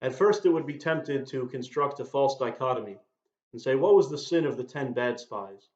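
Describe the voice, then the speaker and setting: A man giving a sermon, explaining Hebrew words and verses in a measured, teaching manner. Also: medium pitch, a little mellow. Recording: dull, roomy recording.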